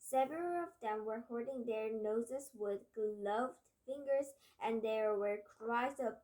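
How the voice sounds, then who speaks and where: Woman, storybook read-aloud, earnest, somewhat high voice, small stumbles. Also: slow pace, few pauses, mellow. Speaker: reader.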